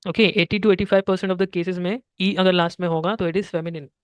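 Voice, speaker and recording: Indian male French tutor, young, brisk and crisp, explains carefully, mixes Hindi in. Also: high voice, steady tone, dry recording. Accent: Indian English. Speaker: French teacher. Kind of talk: one-on-one language lesson.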